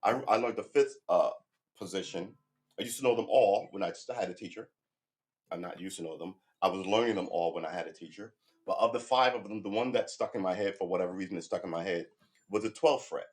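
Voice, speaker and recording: A middle-aged man with a slightly low voice chats loosely on a livestream from his sofa at home. He rambles, pokes fun at himself and swears his way through pep talk between bits of guitar practice, close to a desk microphone. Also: quick pace. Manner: rambling, self-deprecating, profane pep talk. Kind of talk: casual livestream chat.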